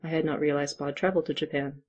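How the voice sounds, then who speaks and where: A storyteller voicing an ancient, brooding male night creature who speaks in formal, measured sentences. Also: mid-range voice, fairly even intonation, darkish tone, highs cut off, natural voice.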